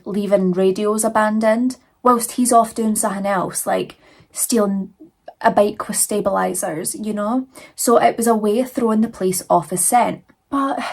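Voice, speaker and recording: A woman's voice: fairly high pitch, creaky, a little mellow. A young adult woman hosting a true crime channel, telling the case in a chatty, casual way full of fillers. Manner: chatty, frequent "like" and "you know" fillers.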